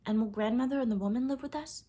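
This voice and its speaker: A woman's voice: on the high side, fast talker, warm tone, breathy edge, voice pushed up. A woman voicing a dreamy, eager little girl who asks wondering questions in an audiobook reading. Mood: dazed.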